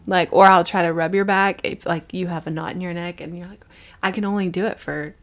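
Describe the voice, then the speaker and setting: A woman's voice: on the low side, fairly even intonation, brisk. A woman co-hosting a podcast, telling stories animatedly and laughing often. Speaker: podcast co-host. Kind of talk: casual chat.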